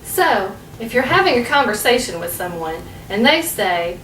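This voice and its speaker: A woman with an American accent teaching English pronunciation as host, patiently and clearly, lifting her voice on key words. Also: on the high side, sing-song, moderate pace, hardly any pauses, a bit bright, roomy sound, far from the mic, a little hiss or hum, poor audio. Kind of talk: slow, clear teaching narration.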